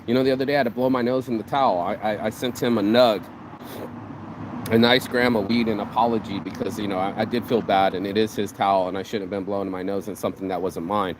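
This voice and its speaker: A man hosting his own vlog, giving a casual motivational rant in an animated, profane, rambling way, speaking outdoors on a city street. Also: lowish voice, fast talker. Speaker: vlog host. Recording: outdoor street with passing traffic.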